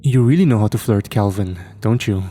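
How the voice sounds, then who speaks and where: A man's voice: lowish voice, brisk, warm tone, close to an everyday voice. A man voicing a playful young woman astronaut who teases her partner, raising his voice for her. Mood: teasing. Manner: playful, teasing.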